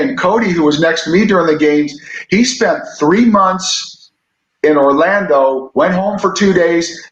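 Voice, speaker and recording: A man, a sports reporter co-hosting a talk show, telling stories in a relaxed, chatty way. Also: a little high, dull audio. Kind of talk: casual chat storytelling. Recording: echoey room.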